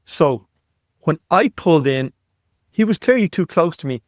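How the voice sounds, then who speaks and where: A man in his fifties, a podcast guest, telling a story in an animated way and often repeating words as he goes. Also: on the high side, moderate pace, dry recording, clean studio sound. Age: 50s. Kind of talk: storytelling in conversation.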